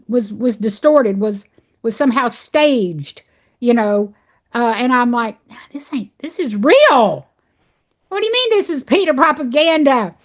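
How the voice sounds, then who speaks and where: A woman guest on a podcast, earnestly telling a personal story in a conversational way, with plenty of fillers and restarts. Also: mid-range voice. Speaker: podcast guest, animal sanctuary founder.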